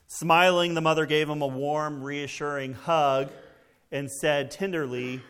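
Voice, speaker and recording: Male pastor, fairly high voice, chatty sermon delivery, checks in with listeners. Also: unhurried, a bit bright. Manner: conversational preaching with fillers and check-ins.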